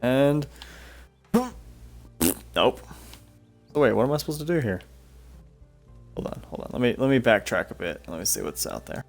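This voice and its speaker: A man's voice: medium pitch, expressive, normal speed, creaky, pauses often, faint music behind. A young man streaming a game, telling stories in a rambling, profane way and laughing often. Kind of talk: casual storytelling while playing a game.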